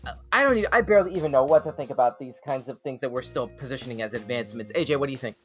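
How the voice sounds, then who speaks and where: A man hosting a live weird news reaction show, excitable and laughing, with stumbling restarts. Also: mid-range voice, rapid-fire, soft background music. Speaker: show host.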